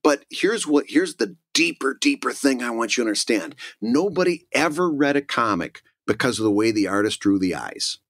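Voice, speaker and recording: A man co-hosts a casual podcast chat, his pitch swinging widely as he presses his points. He laughs easily. The sound is dry and close, with no room around it. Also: normal speed, hardly any pauses, no echo. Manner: animated, laughs often, emphatic advice. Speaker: podcast co-host, cartoonist.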